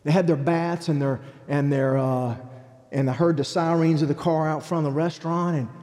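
Evangelist, middle-aged, animated storyteller, warm-toned, big hall reverb. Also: male voice, a little high, moderate pace. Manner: animated storyteller acting out quotes. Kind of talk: preaching testimony.

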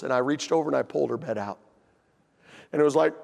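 A man telling a humorous family story in a sermon, folksy and animated. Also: fairly high pitch, brisk, vocal fry, in a large hall. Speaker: pastor.

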